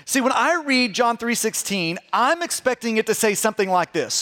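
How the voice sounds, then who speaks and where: A man's voice: very high voice, sing-song, brisk, in a large hall. A man preaching a sermon as pastor, emphatic, stressing words with swells and drops, often repeating and restarting words. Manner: emphatic preaching, dropping to hushed tones for stress.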